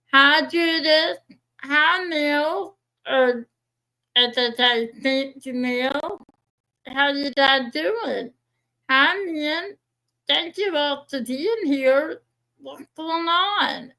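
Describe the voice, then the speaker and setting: A woman's voice: high-pitched, sharp tone, rough recording. A woman hosting a casual livestream, chatting and greeting viewers by name. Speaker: livestream host.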